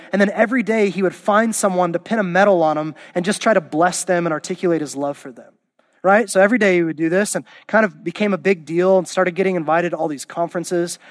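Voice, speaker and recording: Guy pastor preaching, kinda high voice, tells stories and does the voices. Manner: storytelling, acts out quoted voices. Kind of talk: sermon.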